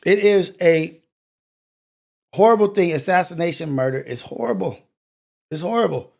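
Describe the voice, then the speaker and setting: A man's voice: high voice, normal speed, creaky, pauses often, a little mellow. A man hosting a commentary show, talking emphatically in with rhetorical questions. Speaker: show host. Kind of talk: commentary on played clips.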